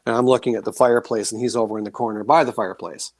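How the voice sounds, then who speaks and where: A man's voice: medium pitch, very fast, dry recording. A middle-aged man, a guest author, telling rambling paranormal stories in casual chat, acting out the reactions of the people in them. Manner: rambling, animated storytelling with acted-out reactions. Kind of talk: casual storytelling on a podcast.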